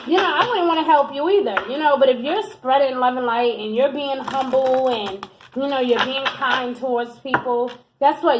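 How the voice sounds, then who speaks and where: A woman with a high, light voice reads tarot cards for her viewers. She talks in an affectionate, encouraging way and keeps checking in with "okay?" and "my love.". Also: a little hiss or hum, low-quality recording. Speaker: tarot reader. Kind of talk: tarot reading monologue to camera.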